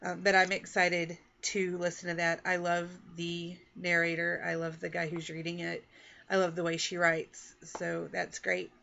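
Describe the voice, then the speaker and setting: A woman's voice: lowish voice, completely flat delivery, measured pace, gravelly, pushed and bright, muffled recording. Chatty woman vlogger from Texas and Oklahoma. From Texas and Oklahoma, USA. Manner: chatty, rambling, self-deprecating. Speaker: author and book vlogger. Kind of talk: casual chat to camera.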